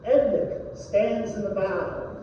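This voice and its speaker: A man giving a poetry reading, telling a story in an unhurried way, recorded in an art gallery. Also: high-pitched, fairly even intonation, warm tone, far from the mic, dull audio, a little hiss or hum. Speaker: poet. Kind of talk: poetry reading with voiced characters. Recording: echoey gallery heard from afar.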